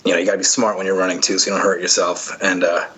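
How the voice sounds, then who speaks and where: Man, husky voice, quick talker, rambling storyteller, lots of fillers. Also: deep voice, flat delivery, fairly bright tone, poor audio. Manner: rambling, many fillers and restarts. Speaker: podcast guest, obstacle racer. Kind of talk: casual storytelling chat.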